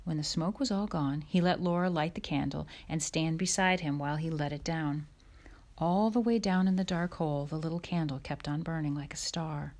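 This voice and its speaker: A woman reads a chapter book aloud in a measured, soft storytelling voice. Her pitch sits a little low for a woman. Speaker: audiobook narrator. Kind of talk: audiobook reading.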